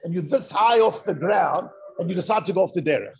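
A man giving a lively Torah lecture, firing rhetorical questions and answering them himself. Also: high-pitched, a little fast, gravelly, husky. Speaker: Torah teacher. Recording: dull lo-fi recording.

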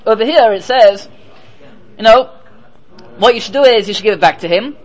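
A man's voice: high-pitched, animated, moderate pace, dull audio. A man teaching a Torah class as a rabbi, speaking emphatically, asking and answering his own rhetorical questions, and dropping in Hebrew and Yiddish terms.

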